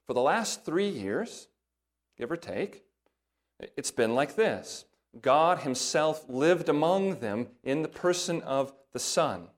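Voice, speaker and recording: A male pastor preaching a sermon, reading scripture aloud with rising emphasis and dropping into quieter asides. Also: lively intonation, takes it slowly. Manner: breaks into soft asides in a lower voice.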